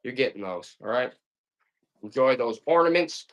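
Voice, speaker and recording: A man's voice: mid-range voice, expressive, moderate pace, pauses often. A man selling vintage items on a live stream, chatting to viewers in a repetitive, hyped-up sales patter. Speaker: live auction seller.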